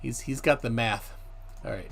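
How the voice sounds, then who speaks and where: A man's voice: mid-range voice, normal speed, vocal fry, a bit bright. A man hosting a live stream, chatting casually, laughing and reading viewer comments aloud. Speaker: livestream host.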